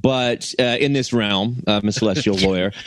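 A man's voice: on the low side, moderate pace, a little hiss or hum. A man co-hosting a comedy podcast, rambling through absurd bits and breaking into giggles. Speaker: podcast co-host. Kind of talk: comedic casual chat.

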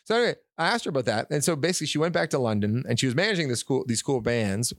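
A man co-hosting a podcast, telling rambling, animated anecdotes in casual chat. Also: mid-range voice, racing, no echo, clean studio sound. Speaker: podcast co-host.

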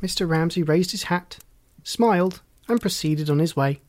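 An adult reading a children's storybook aloud with gently humorous narration. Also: medium pitch, normal speed.

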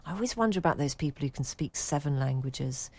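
A woman's voice: low voice, lively intonation, fast, a little mellow, dry recording. A woman hosting a chat podcast and reading out listener emails, with a dry, playful manner. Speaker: podcast host.

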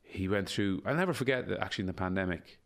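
Guy in his 40s, low gravelly voice, repeats stuff for emphasis, swears a lot. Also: animated, fast, a bit bright. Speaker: interview guest. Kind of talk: casual conversational interview.

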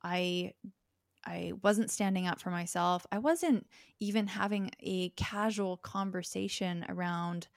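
A woman's voice: lowish voice, a little slow, creaky, no room sound, clean studio sound. A young woman speaking as a guest in a podcast conversation. She talks thoughtfully and explains her ideas through examples. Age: young adult.

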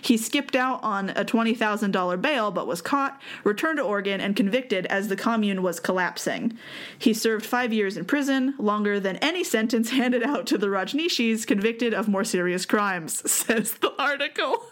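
A woman's voice: medium pitch, normal speed. Young woman chatting and laughing a lot. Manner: chatty, laughs often, many fillers. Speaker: podcast host telling the story. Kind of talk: casual chat.

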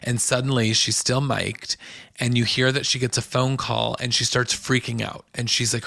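A man's voice: mid-range voice, level tone, moderate pace, gravelly, fairly bright tone, no room sound, studio quality. A man hosting a podcast, giving a chatty, enthusiastic recap of a reality show in a casual solo commentary. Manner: chatty and enthusiastic, gushing asides.

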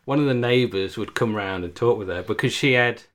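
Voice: medium pitch, brisk, a crowd in the background. A co-host in casual podcast chat, joking and laughing often. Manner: jokey, laughs often, slips into silly voices.

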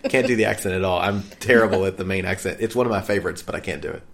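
A woman co-hosting a casual comedy podcast, bawdy and animated. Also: very deep voice, very fast, a little hiss or hum. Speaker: podcast co-host. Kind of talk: casual chat.

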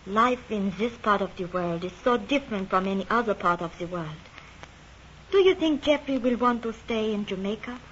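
A woman's voice: medium pitch, lively intonation, normal speed, fairly bright tone, lo-fi sound, a little hiss or hum, natural voice. An actress playing a refined, genteel young English lady in an old radio drama. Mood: probing. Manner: genteel, probing, composed.

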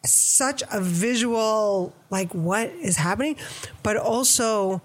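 In a relaxed interview, a photographer guest from New York, a middle-aged woman with a mid-pitched voice, talks slowly through her stories. She brings them to life by performing the quoted dialogue.

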